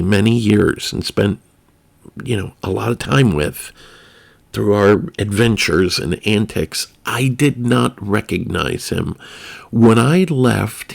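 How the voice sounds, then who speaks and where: A young man telling a casual storytime anecdote in a rambling, animated way, with side remarks and comic exaggeration. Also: on the low side, vocal fry.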